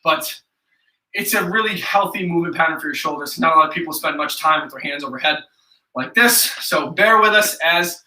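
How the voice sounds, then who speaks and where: Counting reps aloud and chatting between sets, a young male trainer with an upstate New York accent runs a live follow-along workout. His fairly high voice is brisk, bright and forceful, heard from a distance in an echoey room.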